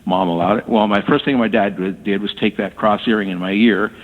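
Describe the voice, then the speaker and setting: A man telling his story as a guest on a radio interview, halting and repeating words as he talks. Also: lowish voice, steady tone. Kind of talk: casual storytelling. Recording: tinny phone line with long reverb.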